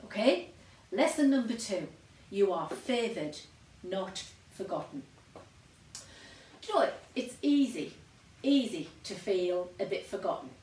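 An older woman delivers an encouraging sermon, often repeating her points and laughing at herself. Her voice sits at a middle pitch. It is recorded from a distance in an echoey room, with faint background noise. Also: very animated, unhurried. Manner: warm encouraging repetition with self-deprecating laughs. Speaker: pastor.

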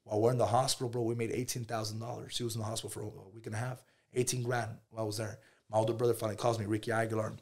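Fast-talking animated man telling his story. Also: on the low side. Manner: animated storyteller, acts out dialogue, says "bro" constantly. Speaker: podcast guest, entrepreneur. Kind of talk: casual podcast storytelling.

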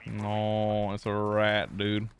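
A man streaming a shooter game, trash-talking, laughing and shouting excitedly as he plays. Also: fairly low pitch, very slow. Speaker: gaming streamer. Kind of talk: excited gameplay commentary.

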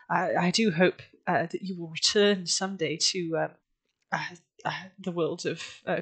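A woman's voice: lowish voice, a bit bright, low-quality recording. A woman running a tabletop game as game master, speaking hesitantly with many fillers.

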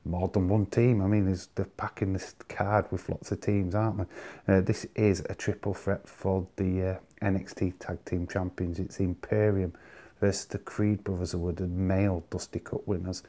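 In casual solo commentary, a wrestling vlog host chats easily and makes confident predictions. His voice is low and mellow, with little pitch movement and normal speed.

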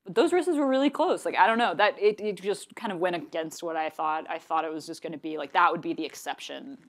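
Woman panelist, low voice, casual, chatty delivery. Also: fast. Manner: chatty, full of "like" and restarts. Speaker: panelist journalist. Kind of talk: panel discussion.

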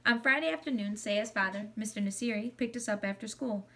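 A woman reading a children's chapter book aloud in a gentle, expressive way. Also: mid-range voice, a little fast, recorded from a distance. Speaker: audiobook reader.

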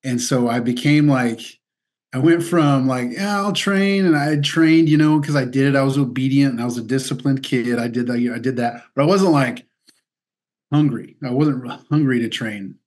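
A man's voice: medium pitch, moderate pace, darkish tone. A man from Missouri, chatting as an interview guest, laughing often and peppering his talk with "dude" and "like.". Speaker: guest athlete. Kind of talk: casual interview storytelling.

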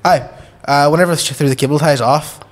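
A man's voice: on the high side, fairly quick. A man with a Derry accent, a podcast guest telling a long story and acting out the dialogue, swearing freely. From Derry, Northern Ireland. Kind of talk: casual storytelling.

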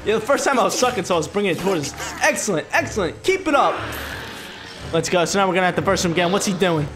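A man with a high voice narrates his gameplay in an excitable, playful way. His pitch swings up and down as he talks. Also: quick pace, over music. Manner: excitable, playful hype talk. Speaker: gaming commentator. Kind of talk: let's play commentary.

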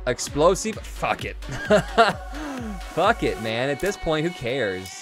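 A young man commenting on his own game run, excitable, swinging from quick mumbles to loud whoops and swearing freely. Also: fairly high pitch. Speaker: gaming YouTuber. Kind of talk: Let's Play commentary. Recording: game music playing behind.

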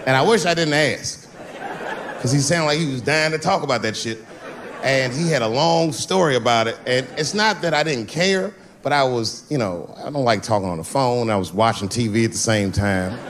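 A man doing a stand-up comedy routine on a live stage, telling stories in a loose, profane way with sudden high-pitched bursts. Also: normal speed, crowd noise, noisy background.

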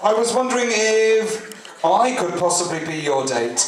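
A man's voice: sits high, very animated, normal speed, distant mic. A man playing a timid, polite young man who hesitantly asks to be a date. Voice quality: hesitant, apologetic. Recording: very echoey stage from afar.

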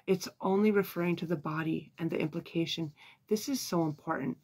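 Gravelly, husky Bible teacher. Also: mid-range voice. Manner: earnest, measured teaching with sighs and fillers.

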